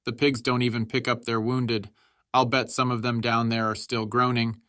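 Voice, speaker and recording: A man's voice: medium pitch, level tone, moderate pace, fairly bright tone, dry recording, studio quality, close to an everyday voice. A man voicing a tired, mocking veteran soldier who talks at length in a sardonic way. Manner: sardonic, chatty.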